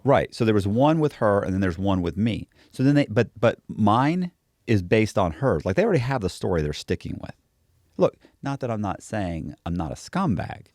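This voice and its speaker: A man's voice: lowish voice, very animated, moderate pace, darkish tone, dry recording, studio quality. A man as an interview guest, telling his story in blunt, slangy casual chat, full of restarts and self-mockery.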